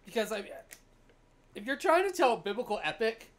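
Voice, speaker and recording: A woman's voice: on the high side, very animated, brisk. A woman co-hosting a podcast in casual chat, adding wry joking asides. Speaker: podcast co-host.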